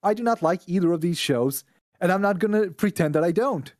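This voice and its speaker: Man from Israel, slightly high voice, blunt profane ranting, dry close mic, podcast guest. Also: expressive, brisk, a little mellow, no room sound. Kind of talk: casual podcast chat.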